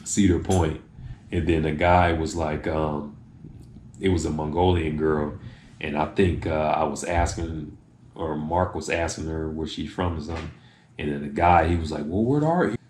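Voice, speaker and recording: A man's voice: rumbling low, level tone, normal speed, a little mellow, roomy sound, a little hiss or hum. A man hosting a video, giving casual tips straight to the camera and acting out little exchanges in other voices. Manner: acts out short exchanges in changed voices.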